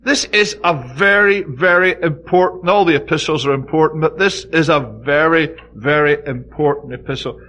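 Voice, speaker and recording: Speaking at normal speed with a fairly high pitch and sharp tone, a man gives an informal Bible study. He leans hard on key words and frequently drops in "you know."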